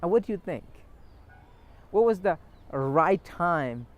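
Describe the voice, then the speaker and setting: A man doing a calm, wise old hermit. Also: high-pitched, slow pace, highs cut off. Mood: patient.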